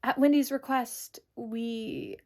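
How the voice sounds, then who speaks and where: A woman voicing a hospital staffer in a flat, official manner. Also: fairly high pitch, slow. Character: matter-of-fact hospital staffer, adult.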